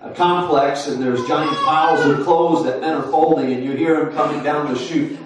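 A man's voice: on the high side, fairly even intonation, normal speed, hardly any pauses. A man in his forties preaching a sermon in a folksy storytelling way, full of fillers and restarts. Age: 40s. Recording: roomy far-off sound with faint noise.

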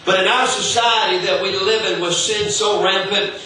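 A male pastor delivers a sermon in a bright, forceful voice, often stumbling and repeating words as he gathers his thoughts. He sounds distant from the microphone in a very echoey room, with faint noise behind him. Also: high voice, steady tone. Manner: halting, repeats words while searching.

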